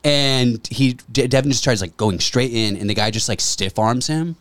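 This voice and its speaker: A man's voice: medium pitch, normal speed, no echo. A man co-hosting a casual comedy chat, telling stories and acting out the other people in them. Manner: animated storyteller who acts out other voices. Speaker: podcast co-host.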